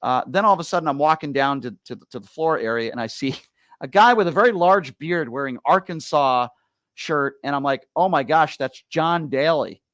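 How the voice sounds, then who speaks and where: A male radio show host telling stories in casual chat, animated and full of quick restarts. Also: on the high side, no room sound. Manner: rapid, animated, stumbling restarts.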